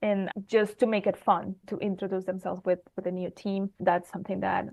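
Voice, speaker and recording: A woman, speaking as an HR expert on an interview show. She talks in an expressive way, the kind of speaker who gestures with her hands as she explains. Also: medium pitch, a little fast, gravelly. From Mexico. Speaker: HR expert guest. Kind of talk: conversational interview answers.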